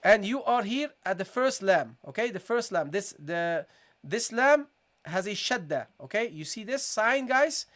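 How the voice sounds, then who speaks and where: Tajweed teacher, live online class, repeats syllables slowly, keeps saying "guys", mid-pitched voice. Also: sing-song, fairly bright tone. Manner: repetitive, keeps calling the audience "guys"; asks for chat responses, encouraging. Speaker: Quran recitation teacher.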